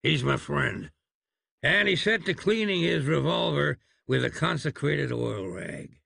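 A man narrating an audiobook in a wry, measured storytelling manner. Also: on the high side, animated, creaky, bright, forceful tone, dry recording.

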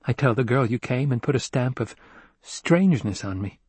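A man's voice: mid-range voice, animated, normal speed, a little mellow, slightly rough, no room sound, voice pushed up. A man voicing a wary, stubborn teenage boy in an audiobook reading, answering in a guarded, terse way.

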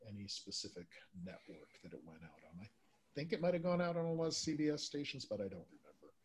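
A man hosting a podcast in a casual chat, speaking haltingly with many filler words. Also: medium pitch, very animated, breathy edge. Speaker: podcast host. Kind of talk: casual chat about old-time radio.

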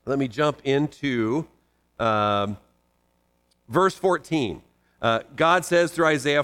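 A male pastor preaching a sermon, his fairly high voice rising and falling in a wide, lively sweep. He reads scripture aloud, then breaks off to comment on it with emphatic energy.

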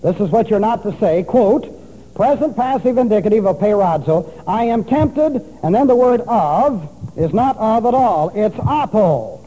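A man's voice: high voice, expressive, a little slow, dark tone. A man preaching an expository sermon, spelling out Greek words letter by letter and teaching with emphasis. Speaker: pastor. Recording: long reverb of a large hall.

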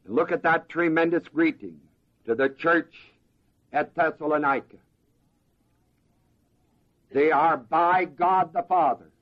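A man preaching a slow, deliberate verse-by-verse sermon as pastor, pausing to ask the congregation to fill in words. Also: fairly high pitch, dull audio.

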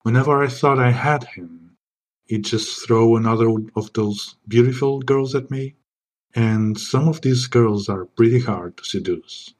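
A man playing a smug secret agent in a comedy sketch, keeping a low, smooth, deadpan voice. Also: unhurried, natural voice. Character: suave smug male secret agent parody.

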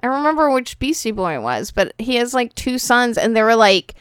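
A woman co-hosting a casual podcast, animated and giggly, telling stories with lots of fillers. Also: fairly high pitch, brisk, clear, resonant tone, no echo, studio quality. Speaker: podcast co-host.

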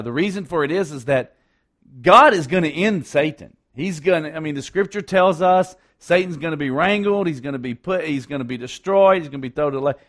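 Man, pastor, sermon, emphatic, repetitive, slightly high voice. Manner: emphatic, repetitive, rhetorical asides.

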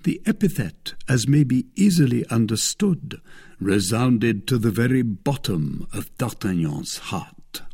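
A man narrating a classic novel in a measured, expressive reading. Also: medium pitch, breathy edge. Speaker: audiobook reader. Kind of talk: scripted narration.

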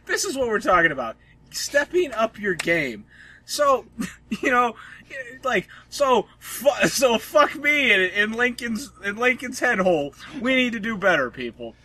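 A man's voice: very high voice, sing-song, a little slow, pushed and bright. A man co-hosting a casual comedy podcast, rambling through crude jokes and laughing often. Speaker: podcast co-host.

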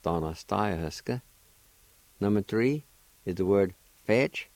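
Slow, low-voiced man teaching word by word. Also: expressive, a little mellow, no room sound, poor audio. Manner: careful, deliberate, repeats syllables slowly. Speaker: radio host teaching Cherokee words. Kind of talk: slow spelling and pronunciation lesson.

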